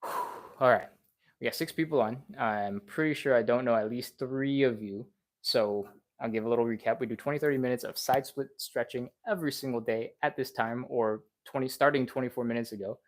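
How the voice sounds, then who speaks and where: Male live-stream stretch coach, fast-talking and upbeat, slightly out of breath, mid-pitched. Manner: chatty and encouraging, talks fast and rambles. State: a little out of breath. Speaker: stretching instructor.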